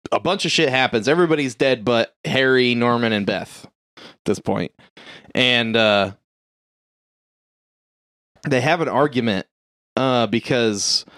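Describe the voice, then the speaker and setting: A man's voice: mid-range voice, a bit bright, dry recording, studio quality. A man casually recapping a movie plot with a rambling, profane delivery full of "like" and "uh". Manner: rambling, lots of "like" and "uh" fillers.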